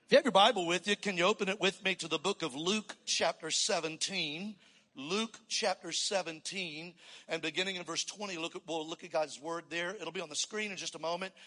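High-voiced preacher in a reverberant hall. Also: male voice, a little fast. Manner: energetic, calls for congregational response. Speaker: pastor. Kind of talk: sermon. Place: church sanctuary. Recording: long reverb in a church hall.

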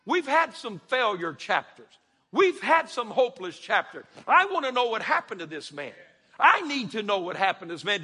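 A man's voice: extremely high pitch, slightly rough, big-room sound. A man preaching a sermon in a church, firing off rising questions and dropping to near-whispers. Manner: preaches with dramatic rising questions and sudden soft drops.

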